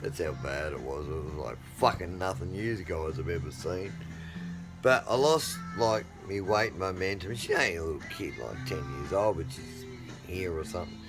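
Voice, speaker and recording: A middle-aged man with a low voice rambles through a family anecdote, swearing freely as he goes. He jumps between sudden loud bursts and quiet asides. Music plays clearly in the background. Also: moderate pace. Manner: rambling, profane, swings between loud outbursts and mutters. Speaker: vlogger. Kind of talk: casual storytelling.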